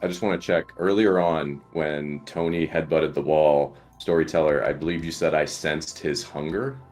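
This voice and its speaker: A man's voice: a bass voice, steady tone, normal speed, darkish tone. A man playing a tabletop role-playing game, talking casually and hesitantly with many fillers. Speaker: player.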